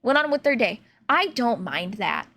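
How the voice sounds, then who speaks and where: A young woman from Illinois, a streamer telling stories in casual, animated chat full of fillers while she plays a game. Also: fairly high pitch, normal speed. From Illinois, USA. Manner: animated, chatty, filler-heavy, laughs often. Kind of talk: casual storytelling while gaming.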